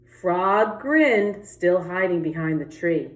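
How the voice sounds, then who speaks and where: A woman's voice: on the low side, expressive, takes it slowly. A woman teacher reading a children's picture book aloud, giving each animal its own voice and inviting the kids to sing along. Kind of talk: children's read-aloud with sung refrain. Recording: echoey room.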